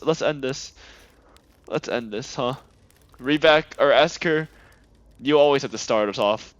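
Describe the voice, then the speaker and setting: A young man doing emotional, excitable let's-play commentary on a game. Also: mid-range voice, measured pace, pauses often, no echo, highs cut off. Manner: excitable, emotional, gasping reactions. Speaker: game streamer.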